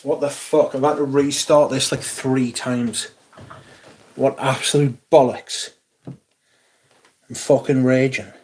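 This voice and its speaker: A man's voice: medium pitch, steady tone, unhurried, a little mellow, breathy edge. A man hosting a casual livestream, sweary and grumbling about technical trouble before greeting his viewers. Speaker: livestream host.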